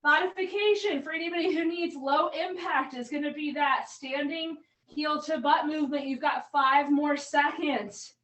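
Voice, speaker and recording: A woman fitness coach leads a live online workout class, cueing moves and counting down reps while slightly out of breath. Her voice is high and fairly bright, at a moderate pace with few pauses, recorded far from the mic in low quality.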